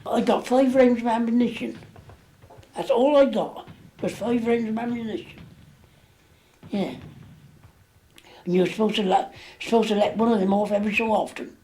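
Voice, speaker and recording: A man's voice: high-pitched, steady tone, moderate pace, long pauses, dark tone, slight background noise. A man, recounting memories in an interview, rambling with plenty of fillers. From England. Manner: rambling, dialect grammar, many fillers. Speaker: war veteran interviewee.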